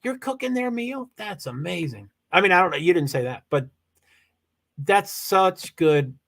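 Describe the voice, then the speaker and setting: A man's voice: high-pitched, expressive, a little slow, fairly bright tone. A man hosting a livestream, chatting casually and rambling as he reads viewer comments and thanks people with frequent restarts. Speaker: livestream host.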